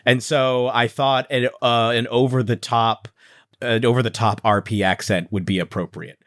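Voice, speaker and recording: A man's voice: medium pitch, steady tone, a bit bright, no echo, studio quality. A man chatting on a podcast, rambling with restarts and fillers. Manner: rambling, halting. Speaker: podcast guest, player. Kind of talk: casual chat.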